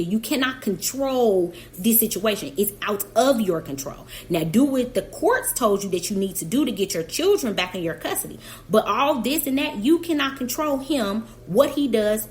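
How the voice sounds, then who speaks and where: A woman's voice: a little high, a little hiss or hum. Chatty woman reacting for her viewers. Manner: chatty, emphatic, talks directly to the absent subject. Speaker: reaction channel host. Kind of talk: casual commentary to viewers.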